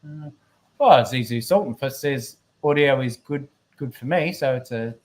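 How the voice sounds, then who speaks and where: A man's voice: mid-range voice, unhurried. A man chatting casually on a live stream, rambling and joking about himself while reading chat messages aloud. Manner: rambling, self-deprecating, reads chat aloud. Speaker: guest co-host of a live stream. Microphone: computer microphone.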